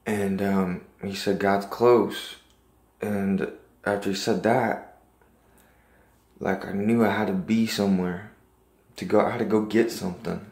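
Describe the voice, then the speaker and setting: A man with a fairly low voice recounts a dream in an earnest, rambling way, circling back with likes and restarts. The sound is roomy, with echo off the walls. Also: steady tone, measured pace, long pauses, darkish tone. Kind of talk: casual personal storytelling.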